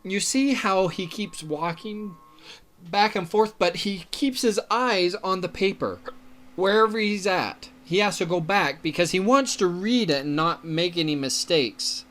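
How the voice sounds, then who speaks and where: Slow, bright-voiced man teaching a lesson. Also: sits high. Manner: slow, explanatory, checks in with "okay?", laughs often. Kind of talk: lecture on public speaking.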